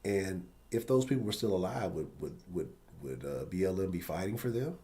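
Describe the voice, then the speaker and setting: A man's voice: low voice, animated, moderate pace, mellow. A man hosting a live-stream sports talk show, ranting bluntly and profanely. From Houston area.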